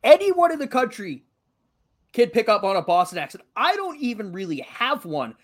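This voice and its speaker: Animated young man with a lively high voice. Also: normal speed. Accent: light Massachusetts. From Massachusetts. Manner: animated, joking, swears freely. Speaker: podcast co-host. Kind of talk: casual chat.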